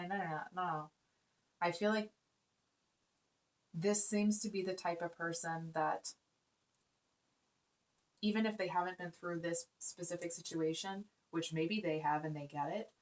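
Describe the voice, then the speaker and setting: A woman giving a casual spoken tarot reading, earnest and rambling, with many fillers and restarts. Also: fairly low pitch. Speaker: tarot reader.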